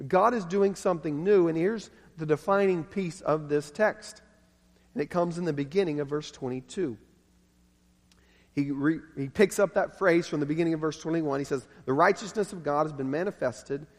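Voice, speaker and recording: A man preaches to his congregation, leaning hard on repeated phrases to drive each point home. His voice sits a little higher than most men's. The church sanctuary around him rings with a long, lingering reverb. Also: normal speed. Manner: emphatic, repeating key phrases for stress. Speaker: pastor. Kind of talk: sermon.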